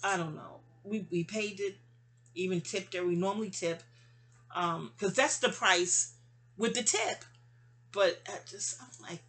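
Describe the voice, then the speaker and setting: A woman's voice: mid-range voice, measured pace, a bit bright. A woman hosting her own channel, venting in a casual, rambling monologue full of restarts and trailing asides. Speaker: channel host.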